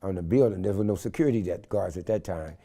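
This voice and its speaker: An older man from San Francisco, telling stories in an interview with an animated, slangy manner and loud acted-out quotes. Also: sits low, fast. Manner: animated, acts out quotes loudly, street slang. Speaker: interview guest. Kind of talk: storytelling in an interview.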